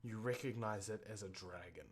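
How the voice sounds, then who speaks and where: A man narrating a tabletop game as game master, pausing often with fillers and restarts. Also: on the low side. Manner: halting, many fillers and restarts. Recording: noisy home mic.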